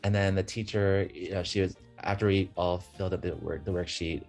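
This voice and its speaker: A young man from the United States, a guest on a video call, telling stories in a lively way with lots of laughing and acted-out voices. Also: low-pitched, fairly quick, faint music behind. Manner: animated, laughing, acts out voices in his stories. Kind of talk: casual storytelling chat.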